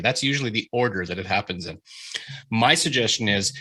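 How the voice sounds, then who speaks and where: A man leading a writing workshop over a video call, giving an animated, informal critique, swearing freely and often restarting his sentences. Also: fairly low pitch, brisk, breathy edge.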